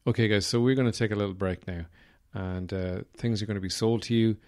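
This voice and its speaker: A man's voice: fairly low pitch, fairly even intonation, a little fast, darkish tone, clean tone. An Irish man hosting a podcast, rambling through a wry comic monologue with lots of fillers. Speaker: podcast host. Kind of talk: casual comedic monologue.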